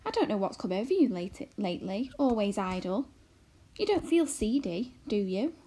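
A woman's voice: mid-range voice, very animated, normal speed, mellow. A woman reading aloud and voicing a fussy, anxious borrower mother who scolds and worries. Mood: fretful.

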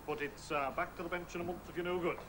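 A man's voice: on the high side, fairly even intonation, quick pace, close to an everyday voice. An actor playing a bossy factory foreman who gives curt, commanding orders. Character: bossy, high-handed factory foreman, adult man. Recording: hissy old television broadcast.

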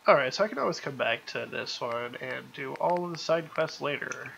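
A man's voice: medium pitch, moderate pace, gravelly, fairly bright tone, muffled recording, a little hiss or hum. A man giving casual gameplay commentary, musing aloud and humming to himself as he plays. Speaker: let's play host.

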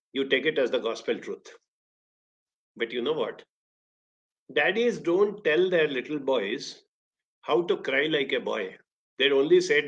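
A man with an Indian English accent, a career counselor giving a motivational talk and telling stories with sudden rises in pitch and volume. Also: animated, normal speed, fairly bright tone, muffled recording.

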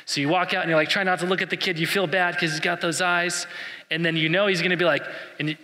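Male pastor, fairly high voice; animated sermon full of playful acted-out asides; church hall echo. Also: fast. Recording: long hall reverb.

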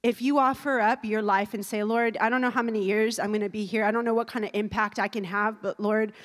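Earnest woman preaching in a hall. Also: a little high. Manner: earnest, building to fervent preaching. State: tearful at moments. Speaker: youth speaker. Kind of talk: emotional sermon. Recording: reverberant hall.

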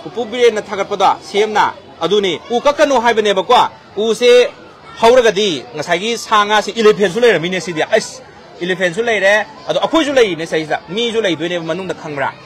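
A man with a Manipuri accent hosting an outdoor school fair on a handheld microphone, explaining exhibits in an animated way. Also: high voice, racing. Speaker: event host. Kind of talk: live event presenting. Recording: crowd noise behind.

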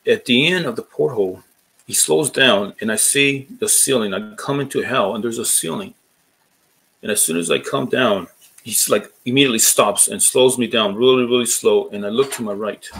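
A man giving a personal faith testimony. He speaks earnestly and haltingly, repeating words and restarting his phrases as he recounts the story. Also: medium pitch, creaky, a bit bright, low-quality recording. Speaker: former boxer giving a testimony.

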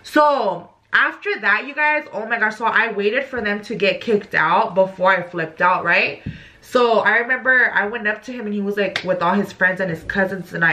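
A young woman vlogger telling a story casually, animated and profane, with lots of "like". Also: medium pitch.

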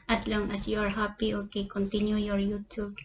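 A woman vlogger talking casually to her viewers, speaking halting English, tired and sad. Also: medium pitch, monotone, a little hiss or hum. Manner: halting, non-native English, often addresses "people"; tired and sad, with small laughs. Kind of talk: casual eating vlog talk to viewers.

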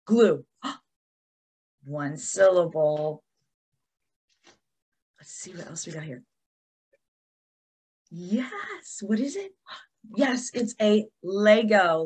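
Lively, husky woman teaching young children. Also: on the high side. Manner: animated, encouraging, talks to young children. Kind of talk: children's lesson video.

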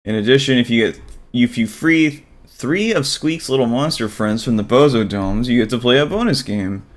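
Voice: mid-range voice, moderate pace. A game streamer from Virginia giving casual, chatty commentary while playing, sometimes talking to the characters.

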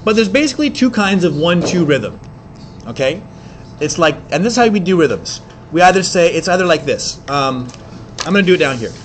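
A man teaching an English class, explaining in quick bursts with many fillers and restarts. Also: fairly high pitch, expressive, slight background noise. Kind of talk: classroom lecture.

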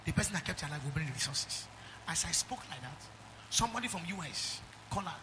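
Man, Nigerian accent, middle-aged, pastor's sermon, emphatic call-and-response, high-pitched. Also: lively intonation, fast, noisy background.

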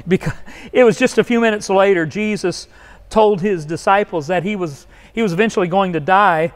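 A man's voice: high voice, normal speed, long reverb tail. A male pastor preaching a sermon in a conversational way, often restarting phrases and acting out quotes. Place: church sanctuary.

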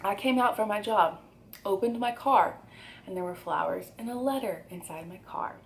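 A young woman in her twenties tells a story straight to the camera, candid and emphatic. Her pitch sits in an ordinary middle range. A faint room hum runs underneath. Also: normal speed, gravelly. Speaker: YouTuber. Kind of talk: storytime vlog while eating.

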